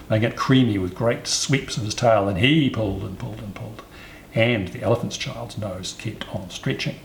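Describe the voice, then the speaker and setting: A man reading a storybook aloud in an expressive, sing-song storyteller's manner. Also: lowish voice, vocal fry, a little hiss or hum. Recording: roomy echo, faint ambience.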